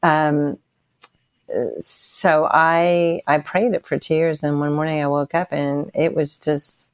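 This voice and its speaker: Podcast guest: a woman in her sixties with a low, gravelly voice, halting and emotional as she tells her testimony. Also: little pitch movement, dry recording. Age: 60s. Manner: halting and emotional, with frequent restarts. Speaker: interview guest. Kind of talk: personal testimony in a podcast interview.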